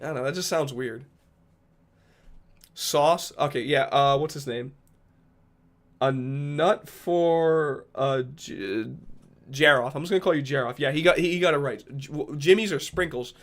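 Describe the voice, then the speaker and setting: A man's voice: medium pitch, a little slow. A man from Rhode Island chatting casually with viewers on a livestream, rambling and joking with a fair amount of profanity. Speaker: streamer.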